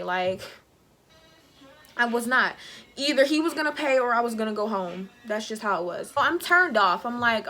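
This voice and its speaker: A woman vlogger retelling a bad date in a casual storytime, animated and sassy, acting out the dialogue. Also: a little high, normal speed, soft background music. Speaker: beauty vlogger.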